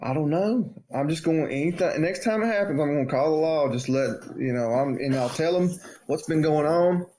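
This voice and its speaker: A man's voice: moderate pace, a little hiss or hum. A man casually telling a story on a podcast and acting out the quotes in a raised voice. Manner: animated storyteller, acts out quotes in a high voice. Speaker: podcast co-host.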